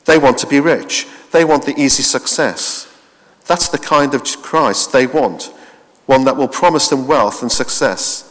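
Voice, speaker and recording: A man delivering a sermon at an ordinary middle pitch, measured and steady with occasional self-corrections. His voice carries a long reverb that sounds like a church hall. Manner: steady expository preaching with small restarts. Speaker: preacher.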